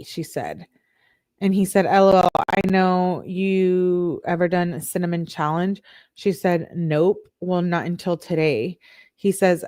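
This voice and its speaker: Woman, slightly low voice, true crime live stream host, reading text messages aloud, flat delivery, asides to chat.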